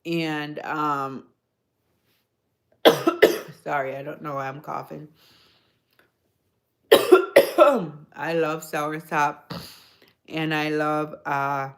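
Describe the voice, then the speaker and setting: A woman hosting a livestream, chatting casually with viewers in a rambling, storytelling way and gushing about food. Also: sits low. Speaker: livestream host. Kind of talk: casual chat answering viewers.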